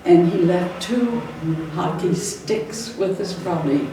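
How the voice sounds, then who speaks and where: A woman's voice: on the low side, slow. An older woman, a retired school teacher, fondly recalling stories from her classroom, chuckling now and then. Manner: fond storyteller, often chuckling. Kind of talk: personal reminiscence. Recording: echoey room, distant mic, faint noise.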